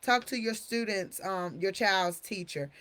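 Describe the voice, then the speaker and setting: A woman's voice: mid-range voice, measured pace, a bit bright. A woman hosting a live stream talk, chatty and familiar, calling her viewers honey. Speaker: host.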